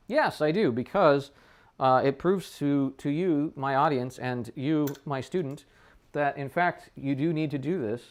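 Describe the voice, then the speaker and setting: A man teaching, with a smooth, clear voice pitched a bit high for a man. He talks his practice through aloud as he goes, restarting phrases and often checking in with the listener. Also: normal speed. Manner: thinks aloud with frequent restarts. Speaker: trumpet teacher. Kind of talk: casual practice demonstration.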